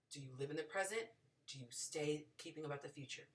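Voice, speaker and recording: A woman hosting a dating advice show, telling stories in an animated way and acting out the people in them. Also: deep voice, quick pace, distant mic. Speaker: podcast host giving dating advice. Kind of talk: casual storytelling advice.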